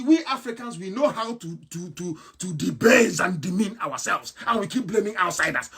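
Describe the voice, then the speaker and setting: A man delivers a live broadcast speech in a husky, breathy voice. He rants with open scorn, firing off rhetorical questions and sometimes erupting into shouts. His pitch leaps and plunges as he drives each point home. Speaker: political activist broadcaster.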